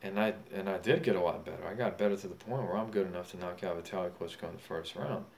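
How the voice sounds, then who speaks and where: A man's voice: deep voice, quick pace, darkish tone. A young man, boasting and rambling in a profane, drunken monologue. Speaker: self-styled boxing champion vlogger. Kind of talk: casual monologue. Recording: faint background noise.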